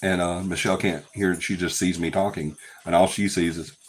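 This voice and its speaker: A man's voice: low voice, fairly even intonation, a little fast, breathy edge. A man hosting a casual live stream, breaking into fits of laughter. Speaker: paranormal live-stream host.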